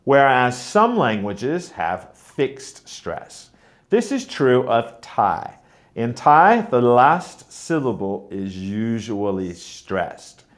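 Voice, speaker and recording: A man's voice: medium pitch, sing-song, very slow. A man teaching a pronunciation lesson, modelling stressed and unstressed syllables with exaggerated stress on example words. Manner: explains clearly, models sounds like mm-mm. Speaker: teacher trainer.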